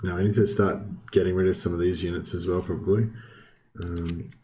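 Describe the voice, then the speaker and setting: A young man with a deep, low voice talks through his strategy game as he plays. His delivery is relaxed and meandering, full of filler ums, restarts and the odd throat clearing. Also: a little fast. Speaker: gaming video host. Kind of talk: casual let's-play commentary.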